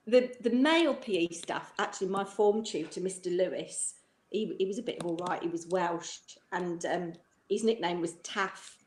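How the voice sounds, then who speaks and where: A middle-aged woman rambles cheerfully through a stream chat, breaking into laughter often. Her voice sits at an ordinary pitch, and a noticeable room echo surrounds it on the video call. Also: a little mellow. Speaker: guest, former teacher. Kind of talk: casual chat on a live stream. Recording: roomy echo.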